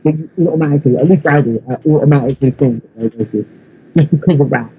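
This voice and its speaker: Sweary young English man, husky and lo-fi. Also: fairly high pitch, fast. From England. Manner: rambling, sweary, lots of fillers. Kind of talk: casual podcast chat. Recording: dull lo-fi recording.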